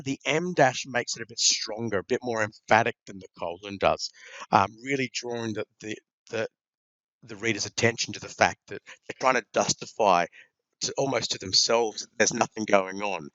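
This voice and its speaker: A man's voice: fairly low pitch, a bit bright, no echo, lo-fi sound. A man teaching a grammar lesson, explaining punctuation with many ums and repeated words.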